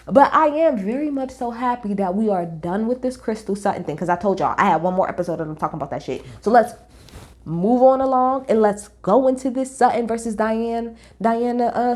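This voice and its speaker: A woman's voice: on the high side, darkish tone. Blunt, gossipy woman recapping reality TV. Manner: blunt, profane, gossipy and opinionated; talks straight to viewers, casual slang. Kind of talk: casual reality show recap commentary.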